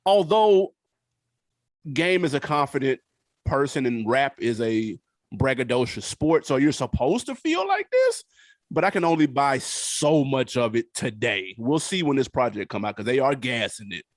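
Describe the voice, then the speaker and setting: A man co-hosts a casual hip-hop podcast in a laid-back, candid way, with frequent fillers. His voice sits at an ordinary middle pitch. The sound is dry and close. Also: moderate pace, dry recording. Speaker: podcast co-host.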